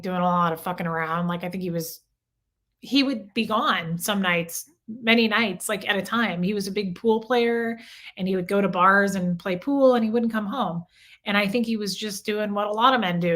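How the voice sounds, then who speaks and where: A woman's voice: medium pitch, a bit bright. A woman from Omaha hosting a casual livestream, reading viewer comments aloud and answering them in a candid, confessional way, swearing freely. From Omaha, United States. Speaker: livestream host.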